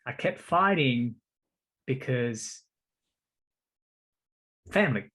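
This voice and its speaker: A man's voice: medium pitch, extremely slow, slightly rough. Man telling a story animatedly in casual podcast chat. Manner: animated storytelling, stammers and repeats words, peppers speech with "bro" and "mate". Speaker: podcast host.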